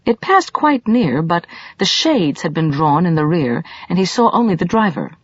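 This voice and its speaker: A woman's voice: lowish voice, big pitch swings, normal speed, slightly rough, no echo. A woman narrating an audiobook in a scripted, dramatic reading with shifting emphasis, recorded in a dull lo-fi, dry way.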